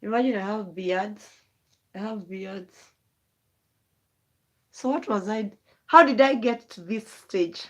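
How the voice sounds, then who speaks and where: Woman, mid-pitched; rambling, emotional late-night phone livestream. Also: slow pace, long pauses, highs cut off. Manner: rambling, emotional, wandering thoughts. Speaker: vlogger. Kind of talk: late-night live stream monologue.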